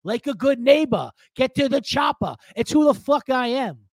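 A loud, high-pitched, indignant action-star man, boasting and swearing at a director, as a man puts him on. His pitch swings widely and the sound is dry. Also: sing-song, normal speed, vocal fry, dry recording, exaggerated voice. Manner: profane, shouting rant.

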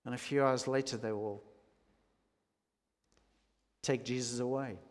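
Male preacher, measured sermon delivery, very slow, long hall reverb. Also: medium pitch, steady tone. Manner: slow, deliberate preaching with emphatic rises.

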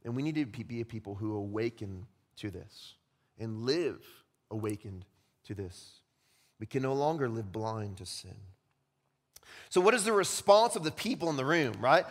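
A young adult male pastor preaching a sermon, animated, acting out quoted voices and dropping to quiet emphasis. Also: mid-range voice, normal speed. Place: church sanctuary. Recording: long hall reverb.

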